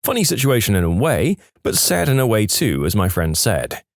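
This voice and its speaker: A man narrating online stories in an expressive, scripted storytelling manner. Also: fairly low pitch, normal speed, creaky, dry recording, clean studio sound.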